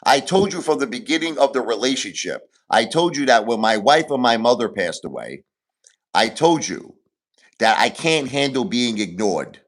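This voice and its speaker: A livestream host in full rant, repeating himself as he vents his grievances. His voice swings widely in pitch, rising and dropping as he presses each point. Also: big pitch swings, moderate pace. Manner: agitated, repetitive, venting grievances.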